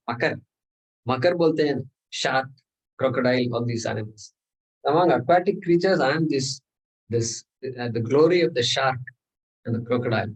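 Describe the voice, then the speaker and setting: A man's voice: mid-range voice, moderate pace, distant mic, low-quality recording. A man teaching a scripture class, talking through verses with rhetorical questions and chanted Sanskrit. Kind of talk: lecture on scripture.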